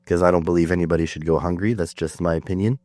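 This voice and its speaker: A Canadian man hosting a casual podcast while sick, chatting in a relaxed, self-deprecating way with plenty of fillers. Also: deep voice, rapid-fire, no echo, clean studio sound. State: sick, under the weather. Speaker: podcast host. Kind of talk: casual chat.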